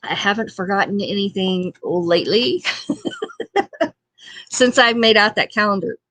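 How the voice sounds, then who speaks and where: A woman's voice: medium pitch, wildly swooping pitch, unhurried, fairly bright tone, dry recording. A woman hosting a casual livestream chat show, reading viewer comments in a homey, chatty way and laughing often. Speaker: livestream talk show host.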